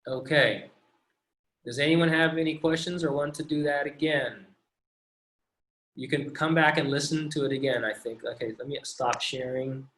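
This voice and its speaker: In an online language lesson on video call, a man patiently stretches each syllable and asks students to say it after him. He speaks with a fairly high pitch and fairly bright tone, and the room sounds spacious.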